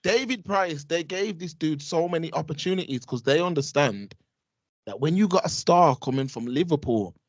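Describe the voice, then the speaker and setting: A man's voice: on the high side, expressive, normal speed, no echo. Emphatic young English man, heavy. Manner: emphatic, repeats his points, street slang. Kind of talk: casual chat.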